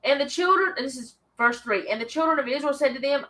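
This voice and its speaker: A woman with a bright, fairly high voice reads scripture aloud, then breaks off into relaxed, chatty commentary. She sounds like a host leading her own Bible study, with frequent asides. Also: fast talker, hardly any pauses, low-quality recording. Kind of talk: casual Bible reading and commentary.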